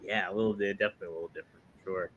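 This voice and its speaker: Upbeat male co-host, bright forward tone, reads chats and plugs merch, laughs easily. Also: lowish voice, fairly even intonation, racing, muffled recording, slight background noise. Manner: upbeat, agreeable, laughs often. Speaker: podcast co-host. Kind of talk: casual chat, reading super chats.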